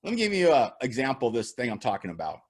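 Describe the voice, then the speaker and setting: Upbeat male keynote speaker on a video call, animated storyteller who laughs at his own jokes, bright, swinging delivery. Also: medium pitch, quick pace. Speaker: motivational speaker. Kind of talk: virtual keynote talk with storytelling.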